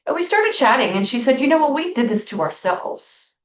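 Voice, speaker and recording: A middle-aged woman hosting a spiritual talk show, telling a story in a casual, emphatic way and stretching out key words slowly. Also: high-pitched, sing-song, distant mic. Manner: storytelling, emphatic, with slow drawn-out stresses. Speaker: spiritual podcast host. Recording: echoey room, off-mic, dull sound.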